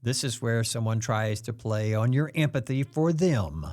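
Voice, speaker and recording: A man hosting a self-help talk, explaining things in a calm way and acting out the quoted pressure lines. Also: medium pitch, moderate pace. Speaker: host.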